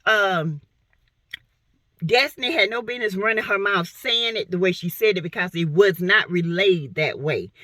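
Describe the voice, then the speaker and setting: A woman from South Carolina talks through reality TV gossip with blunt, sassy commentary. Her bright, lively voice leaps up and down in playful exclamations. The recording is dry and close. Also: mid-range voice, no echo.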